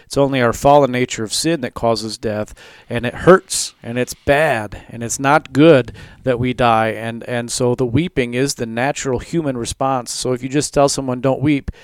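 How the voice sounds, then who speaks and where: A man, a pastor, explaining a Bible passage in a relaxed talk with many fillers. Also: mid-range voice, normal speed, clear, resonant tone, dry recording.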